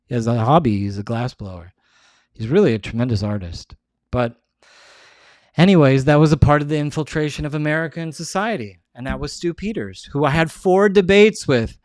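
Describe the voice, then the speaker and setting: A man's voice: a little high, a little fast, a little mellow, no room sound. Rambling male host, dry sound. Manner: rambling, restarts often, many "like"s. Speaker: show host. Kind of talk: casual rambling monologue.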